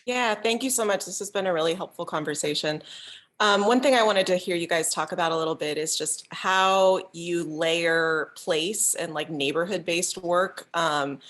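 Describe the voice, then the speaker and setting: Low-voiced woman asking a question. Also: moderate pace, fairly bright tone. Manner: tentative, thinking aloud. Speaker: audience member asking a question.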